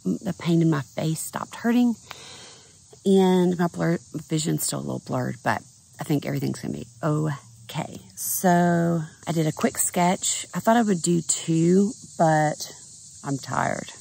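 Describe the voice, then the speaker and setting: A middle-aged woman artist chatting casually in a vlog, rambling and thinking out loud, her voice scratchy and tired, partly recorded outdoors at a lakeside campground. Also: low-pitched, measured pace, creaky, slightly rough. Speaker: artist vlogger.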